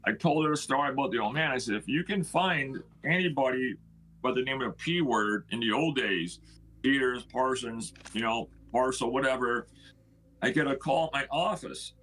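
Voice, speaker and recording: A middle-aged man with a husky, slightly breathy voice tells a long story from his own life. He speaks at an ordinary pitch and pace. He keeps it earnest and acts out what other people said. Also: normal speed, a bit bright, rough recording. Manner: earnest storyteller who acts out quoted speech. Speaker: house owner telling its history. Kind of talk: storytelling on a live stream.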